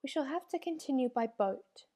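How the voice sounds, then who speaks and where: A calm, motherly troll, as a woman reads her, reassuring her child in a gently raised voice. It is a storybook character read aloud. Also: high-pitched, moderate pace, pitched above the performer's own voice. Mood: soothing.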